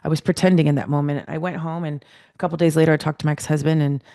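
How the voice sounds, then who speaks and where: A middle-aged woman telling a personal story as a podcast guest, animated and acting out the dialogue she remembers. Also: low voice, very fast, dry recording, studio quality.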